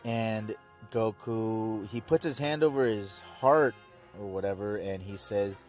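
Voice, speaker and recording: Dude recapping a show, low voice, slow, kinda rambly. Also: male voice, soft background music. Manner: rambling, excitable storytelling. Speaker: channel host. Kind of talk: casual episode recap.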